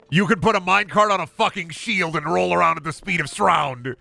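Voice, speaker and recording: Lively, bright-voiced young man streaming a game. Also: fairly high pitch, a little fast, gravelly, hardly any pauses, faint music behind. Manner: excitable, swears a lot, talks to himself and chat. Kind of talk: casual gameplay commentary.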